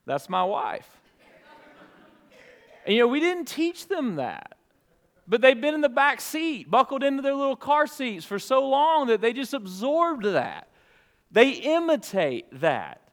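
A man's voice: extremely high pitch, huge pitch swings, a little slow. A middle-aged man from Alabama, a pastor giving an earnest, conversational sermon. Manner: earnest, conversational preaching, hushed in prayer.

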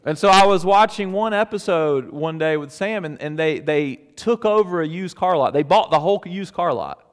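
A man preaching a sermon in a conversational, storytelling way, with loud emphatic peaks that drop to hushed near-whispers. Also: on the high side, moderate pace, clear, resonant tone, long reverb tail. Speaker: pastor.

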